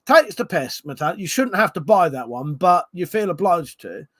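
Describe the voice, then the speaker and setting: A man hosts a late-night live stream, a little tipsy and chatting freely with his viewers. He laughs easily and swears casually, and his voice sits slightly high for a man. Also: very animated, moderate pace, a bit bright. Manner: loose, laughing, swears freely, reads chat aloud.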